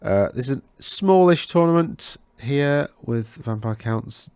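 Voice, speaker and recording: The host of a tabletop wargame podcast rambles through game lists, correcting himself as he browses, with a tickly throat. His mid-range voice is darkish, clear and resonant with no echo, with lively intonation and a slightly slow pace.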